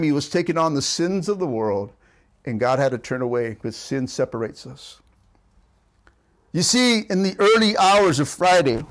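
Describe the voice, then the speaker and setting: High-voiced exhorting pastor. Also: male voice. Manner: calls for audience response, repetitive and exhorting. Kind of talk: sermon. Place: church service streamed online.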